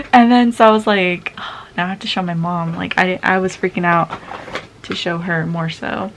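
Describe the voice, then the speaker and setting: A woman's voice: medium pitch, normal speed, long pauses, poor audio. A woman in her twenties telling a story casually while getting ready at home. She talks chattily, laughs often and acts out the voices of people in her story. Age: 20s. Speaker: vlogger. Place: at home, indoors.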